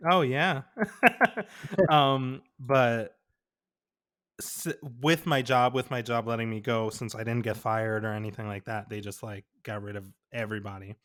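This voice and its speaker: A man's voice: mid-range voice, steady tone, a little slow, fairly bright tone. A young adult man, a podcast co-host, chatting casually and telling stories in a rambling way full of fillers. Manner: rambling, filler-heavy storytelling. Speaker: podcast co-host, graphic designer.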